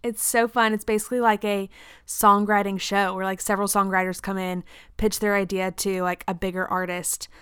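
A young adult woman hosting a podcast, chatting casually, bubbly and quick to laugh, with lots of "like". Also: mid-range voice, flat delivery, a bit bright, clear, resonant tone, no echo, clean studio sound. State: pregnant. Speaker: podcast host. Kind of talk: casual chat.

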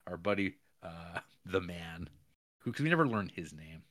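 A man's voice: low-pitched, lively intonation, moderate pace, a bit bright, no echo. A man co-hosting a podcast, recapping a film in a rambling casual way with frequent chuckles. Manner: rambling, chuckles often, many fillers. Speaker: podcast co-host.

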